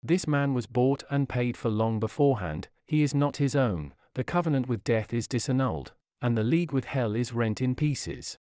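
A man's voice: medium pitch, normal speed, hardly any pauses, dark tone, clean tone, no room sound, studio quality, lightly acted. A man reading the part of Mercy, a gracious female judge on a throne, in a solemn, commanding way.

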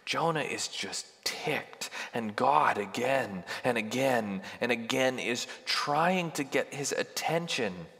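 Man, pastor, sermon, bright tense tone, long church reverb, conversational, builds to emphatic peaks. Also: mid-range voice, lively intonation, takes it slowly, vocal fry, hardly any pauses. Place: church sanctuary.

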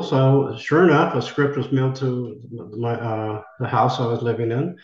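A man's voice: mid-range voice, steady tone, normal speed, a little mellow. An older American man, an actor being interviewed, telling a rambling story and acting out the voices of people he quotes. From United States. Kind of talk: conversational storytelling. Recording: roomy, dull lo-fi sound.

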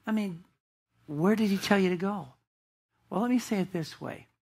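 Woman pastor, mid-pitched voice, emphatic preaching style, quizzes the congregation. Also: moderate pace, darkish tone, slightly rough. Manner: emphatic, with rhetorical questions to the congregation. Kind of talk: sermon. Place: church.

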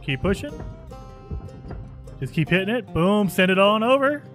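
A man hosting a gaming channel, giving excitable let's play commentary and thinking aloud as he plays. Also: high-pitched, moderate pace, faint music behind.

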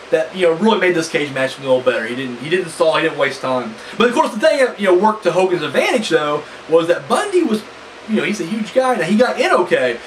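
A man reviews a wrestling match in a loose, rambling way, cursing often and leaning on fillers. His voice sits high and swings up and down with lively energy. He sounds a little far from the mic, with a faint hiss behind him. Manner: animated, profane and rambling, full of fillers. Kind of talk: casual spoken review.

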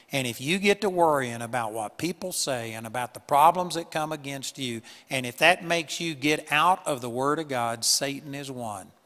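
A man preaching a sermon in an earnest, emphatic way, with sudden loud bursts on key points. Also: mid-range voice, big-room sound. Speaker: pastor. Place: church hall with a live audience.

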